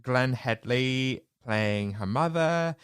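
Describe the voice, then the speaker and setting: A man co-hosting a casual podcast chat, playful and animated, with sudden jokey squeaks. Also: slow pace, clean tone, no echo, studio quality. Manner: animated, playful, bursts into high-pitched jokes. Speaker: podcast co-host.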